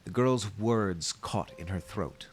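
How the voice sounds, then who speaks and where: Deep slow-talking man reading a game. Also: a little hiss or hum. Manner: measured, wry asides. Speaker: streamer. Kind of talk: reading a game aloud with commentary.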